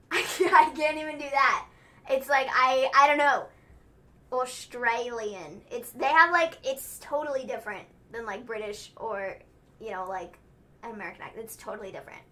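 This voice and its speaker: A young woman chatting casually on a livestream, high in pitch and bright in tone. She talks in a chatty, exclamation-filled way and giggles often. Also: a little fast. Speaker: co-host.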